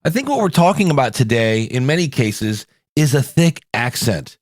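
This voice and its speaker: This Ohio man has a Midwestern American accent and works as a podcast coach and host, chatting informally and upbeat about accents. His medium-pitched voice swings widely in pitch at a moderate pace, recorded cleanly in a studio with no room sound.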